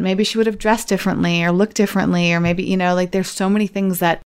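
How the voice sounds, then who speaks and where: Smooth-voiced woman co-hosting a podcast. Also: lowish voice. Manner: thoughtful and rambling, with many fillers. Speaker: podcast co-host. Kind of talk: casual chat.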